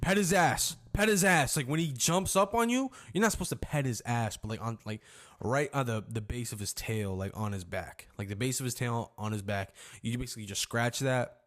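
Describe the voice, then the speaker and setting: A young man casually telling a story from his own life as a vlogger, rambling and slangy, swearing freely and acting out shouts when he quotes people. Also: mid-range voice, brisk, soft background music. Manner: acts out shouts and screams when quoting.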